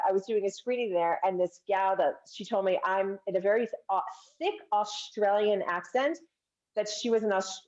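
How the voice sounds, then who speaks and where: A woman's voice: medium pitch, a little mellow. Chatty woman guest on a dull call line. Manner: chatty, earnest storyteller with many fillers. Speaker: filmmaker guest. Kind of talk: casual interview chat.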